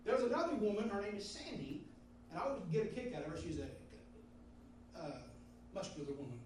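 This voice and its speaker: A sweating male preacher with a high voice, telling his testimony with fervor and repeating his phrases as he builds to shouts. He sounds distant from the mic inside a big echoing hall, with steady noise underneath. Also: moderate pace. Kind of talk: sermon with personal testimony. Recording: echoey hall from far off with background noise.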